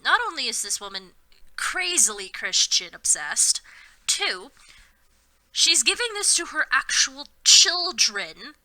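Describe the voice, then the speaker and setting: A woman's voice: sits high, slow. Sarcastic woman reading aloud. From Florida, USA. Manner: sarcastic, animated, swearing. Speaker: podcast co-host reading fanfiction. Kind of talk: comedic dramatic reading and banter.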